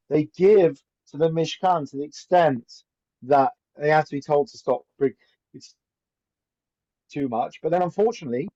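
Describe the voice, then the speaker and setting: A man's voice: a little high, dark tone. A man teaching an informal Torah class as a rabbi, chatty and anecdotal, often asking "right?". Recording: dull lo-fi recording.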